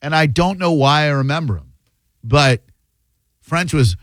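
A man's voice: fairly high pitch, expressive, a little slow, pauses often, dry recording. A man hosting a talk radio show, chatting casually and making sarcastic jokes. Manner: joking, sarcastic asides. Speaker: radio host.

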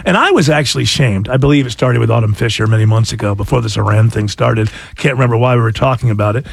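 A man's voice: mid-range voice, quick pace, vocal fry, breathy edge, dry recording. A man hosting talk radio, rambling and self-mocking with many fillers. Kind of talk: casual talk radio banter.

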